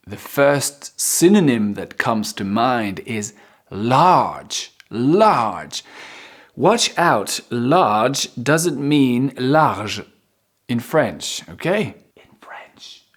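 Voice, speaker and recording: A man teaching English vocabulary, repeating each new word for learners. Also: medium pitch. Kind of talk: vocabulary lesson.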